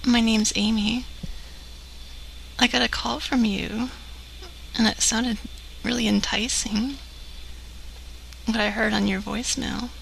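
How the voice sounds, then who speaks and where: Brief: woman doing a slow, breathy flirt, bright and gravelly, teasing and coy. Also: fairly high pitch, fairly even intonation, slight background noise, low-quality recording. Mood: flirty. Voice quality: breathy, half-whispered. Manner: coy and teasing, with soft giggles.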